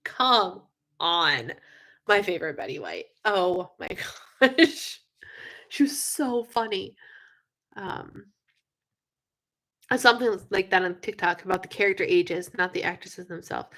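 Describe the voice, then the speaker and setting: A young woman hosting a casual live stream, chatting with viewers in an animated way, with lots of fillers and frequent yawns. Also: lowish voice, unhurried, long pauses. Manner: chatty, animated, yawning often, many fillers. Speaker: livestream host.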